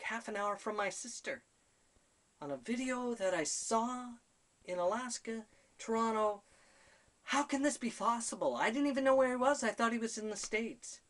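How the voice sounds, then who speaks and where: A man telling a personal story to camera, animatedly quoting conversations and laughing at himself. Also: high voice. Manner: animated, quotes conversations in his own voice. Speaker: spiritual storyteller.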